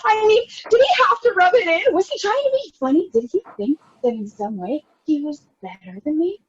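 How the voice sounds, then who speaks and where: A woman's voice: on the high side, expressive, normal speed, slightly rough. A young woman acting a neurotic, self-pitying married woman in a rambling, anxious theatre monologue over a video call. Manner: rambling, anxious, bursting into near-tearful shouts. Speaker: actor in a scene study. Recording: dull lo-fi video call audio.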